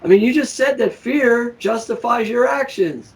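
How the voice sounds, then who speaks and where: A man hosting a casual political chat, telling stories in a lively way and acting out the people he quotes. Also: extremely high pitch, normal speed, creaky, far from the mic, rough recording. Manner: animated storytelling, acts out quoted people. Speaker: show host.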